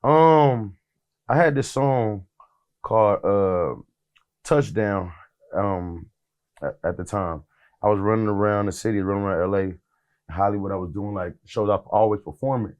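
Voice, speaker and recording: A man's voice: lowish voice, measured pace, pauses often, darkish tone, lo-fi sound. A man who is a rap artist, telling stories in a casual interview in a laid-back, rambling way, full of fillers and acted-out quotes.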